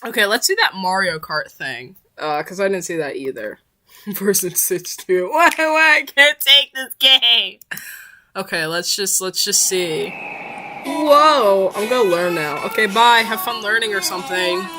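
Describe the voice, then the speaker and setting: A woman with a medium-pitched voice reacts to a game trailer in casual, slangy commentary. She is excitable, laughing easily and shouting out.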